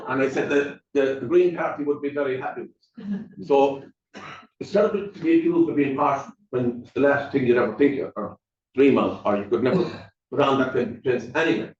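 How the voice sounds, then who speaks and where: An older Irish man tells local stories in a wry, rambling way, the retired teacher in him showing. His voice sits at an ordinary pitch. It comes from a distance in an echoey hall, with a dull, muffled sound. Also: normal speed, a little mellow. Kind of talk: casual storytelling talk.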